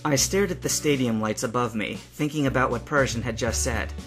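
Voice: mid-range voice, fairly quick, few pauses. A reader narrating a fan novel aloud in the first person and giving each character a voice. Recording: faint background music.

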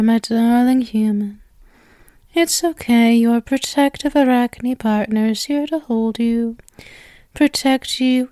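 A woman's voice: fairly high pitch, no echo, clean studio sound. Woman voicing a possessive arachne captor. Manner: soft, slow, sweetly menacing cooing. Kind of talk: whispered role-play.

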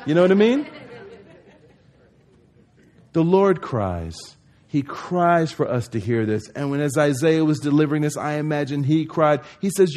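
A pastor from New Jersey preaching a conversational sermon, acting out quoted voices and rising to emphatic peaks. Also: male voice, a little high, expressive, a little slow, pauses often, a little mellow.

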